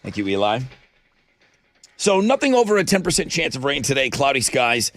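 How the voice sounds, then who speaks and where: A man's voice: mid-range voice, very animated, normal speed, fairly bright tone. A man hosting a radio morning show, chatting energetically and rambling as he jokes with callers. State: slightly out of breath. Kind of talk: casual radio chat.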